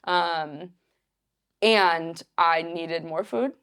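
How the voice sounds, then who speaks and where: A young woman guest on a podcast, telling stories in a casual, animated way with lots of fillers. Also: on the low side, very slow, clean tone. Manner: animated, acts out quotes, many fillers. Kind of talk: casual storytelling.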